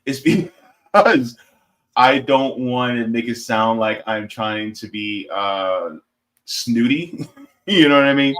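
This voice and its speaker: An American man with a voice of middling pitch chats as a guest on a political show. He explains things patiently, stumbling into restarts and telling little stories to make his case. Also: lively intonation, slow pace, a bit bright. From United States. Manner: explanatory, hesitant restarts, storytelling. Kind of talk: casual political chat.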